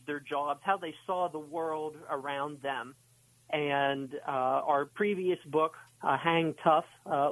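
A polite, thoughtful man answers questions as a guest on a radio interview, his voice sitting a bit higher than usual. He explains at length and pauses on fillers. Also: rough recording. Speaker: author and history instructor.

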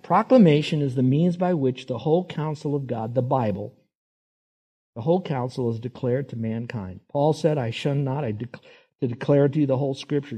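Guy pastor preaching, emphatic, voice jumps up high when he acts out people, drifts from the mic now and then. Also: mellow. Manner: emphatic preaching, voices quoted figures with rising pitch. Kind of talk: sermon.

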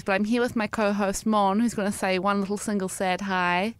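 A woman's voice: mid-range voice, fairly even intonation, brisk, few pauses, clean tone. A woman co-hosting a podcast in casual, teasing chat, laughing often. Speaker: podcast co-host.

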